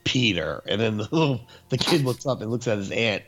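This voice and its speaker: A man's voice: on the low side, fast, soft background music. A man in casual chat who tells stories animatedly and acts out what people said, on a dull lo-fi recording. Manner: animated storyteller, acts out quotes.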